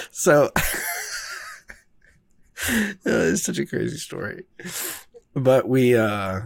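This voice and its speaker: A man's voice: fairly low pitch, gravelly, no room sound. A man, a filmmaker, telling a long behind-the-scenes story in a casual, rambling way, full of fillers and swearing. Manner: rambling, laid-back, heavy on fillers and swearing.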